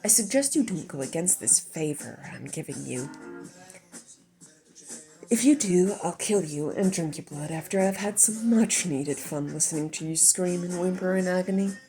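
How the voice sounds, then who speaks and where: Brief: woman reading a calm, cruel male demon, low and soft-spoken. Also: normal speed, faint music behind. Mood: threatening.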